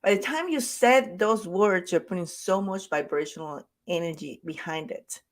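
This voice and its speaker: A woman coach delivers a conversational motivational talk in a fairly low voice. She is emphatic and returns to her key points to drive them home. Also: moderate pace. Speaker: self-love coach.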